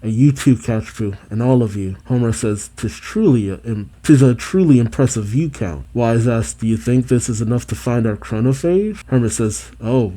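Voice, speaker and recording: Dark-voiced man reading manga aloud. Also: medium pitch. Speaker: manga reaction host.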